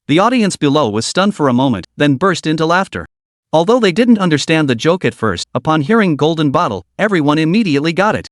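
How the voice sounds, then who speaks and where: A man telling a comic recap story at a brisk clip. His voice is on the high side and moves lively up and down, recorded dry and close with no room sound. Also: no room sound. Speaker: narrator. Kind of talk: web comic recap narration.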